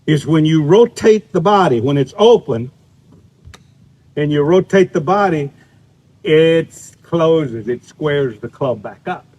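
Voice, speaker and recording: Older male golf instructor, folksy storyteller, husky and slightly high voice, outdoor clinic. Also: lively intonation, slow, darkish tone, poor audio. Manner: folksy, storytelling, demonstrating as he talks. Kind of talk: live golf clinic demonstration. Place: outdoor golf practice area.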